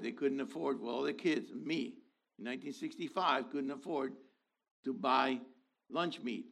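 Preaching with a creaky voice, this sixty-something man is animated, alternating between hushed asides and booming calls to the congregation.

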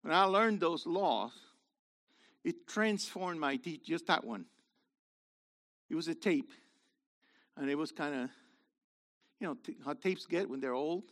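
An older man, a minister and teacher, giving a sermon-style teaching talk, swinging between loud, drawn-out emphasis and quiet, fast asides. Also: on the high side.

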